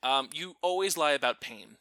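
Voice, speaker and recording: A man telling a family story in a casual chat, animated and often breaking off to restart his sentences. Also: fairly high pitch, normal speed, no echo. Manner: animated, self-interrupting.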